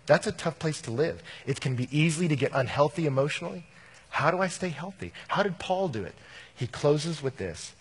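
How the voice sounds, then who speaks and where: A man preaching a sermon as pastor, animated, shifting from loud bursts to hushed, earnest lines. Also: fairly high pitch, brisk, breathy edge.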